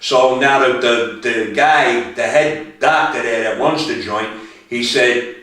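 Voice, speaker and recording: A man's voice: medium pitch, normal speed, a bit bright, far from the mic. A man with a Brooklyn accent, co-hosting a casual movie review and retelling scenes at length while acting out the characters' lines. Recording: echoey room, voice from off the mic.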